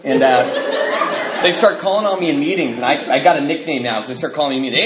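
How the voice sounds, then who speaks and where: A middle-aged man from Bellingham, Washington, in the Pacific Northwest, tells his recovery story to a live audience in a convention hall, joking and self-mocking with many fillers. He speaks fast at a medium pitch over a loud crowd, and the recording is noisy and roomy.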